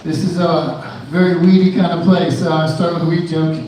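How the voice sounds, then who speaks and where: A male stand-up comedian with a fairly high voice, rambling loosely through his set. His voice booms around an echoey bar room and comes from a mic set some distance away. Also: flat delivery, normal speed, dark tone, slight background noise. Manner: rambling, loose, with many fillers and restarts. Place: indoor bar venue.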